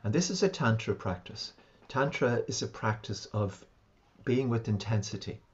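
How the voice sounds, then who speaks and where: A man, a homeopath and shamanic practitioner, calmly recounting a client's sessions in an interview. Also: on the low side, normal speed, lo-fi sound. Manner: calm, reflective, recounts sessions at length. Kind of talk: interview storytelling.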